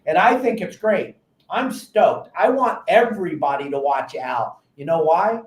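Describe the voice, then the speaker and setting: High-voiced, lively fishing show host. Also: male voice, measured pace, echoey room. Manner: animated storyteller, acts out frantic quotes. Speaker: podcast host and fishing captain. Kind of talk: casual fishing advice talk.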